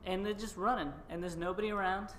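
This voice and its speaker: A man's voice: sits high, fairly even intonation, fast talker, a bit bright. A man co-hosting a podcast, chatty and joking as he tells stories in casual talk. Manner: jokey, chatty storyteller. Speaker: podcast co-host. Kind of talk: casual chat. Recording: echoey room with faint noise.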